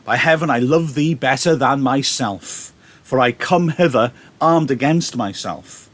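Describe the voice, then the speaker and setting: A man's voice: mid-range voice, a little slow, lightly acted. A man reading as a desperate, fierce young lover. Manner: theatrical verse reading.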